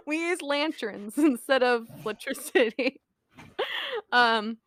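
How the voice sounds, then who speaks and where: A woman's voice: fairly high pitch, takes it slowly, pauses often, a bit bright, no echo. A young woman, co-hosting a podcast and telling a rambling, giggly story with frequent laughs. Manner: rambling and giggly, laughs often mid-sentence. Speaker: podcast co-host. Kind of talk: casual storytelling chat.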